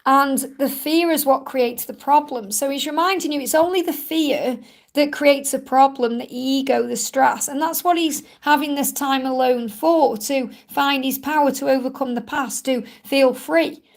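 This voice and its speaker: A woman's voice: high voice, normal speed. A woman giving reassuring psychic card readings on a live-stream Q&A, speaking in a soothing, repetitive way. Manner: soothing, reassuring, repeats herself. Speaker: psychic reader.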